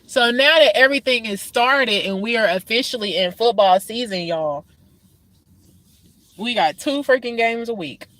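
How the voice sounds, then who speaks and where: A woman with a high voice hosts a reaction video into a close, dry mic. She is brash and profane. She mocks people loudly, then sighs about being a worn-out football mom. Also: dry recording. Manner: brash, profane, swings between loud mockery and tired sighs. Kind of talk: casual reaction commentary.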